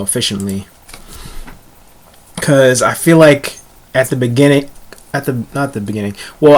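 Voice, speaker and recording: A man's voice: medium pitch, fairly bright tone. A young man casually reviewing a comic chapter, rambling and often stumbling over words and restarting.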